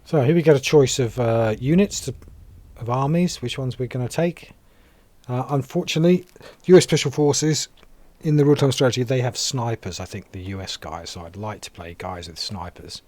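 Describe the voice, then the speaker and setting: A man's voice: mid-range voice, normal speed, dark tone. An English man giving casual, chatty gameplay commentary, wry and a little grumbling. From England.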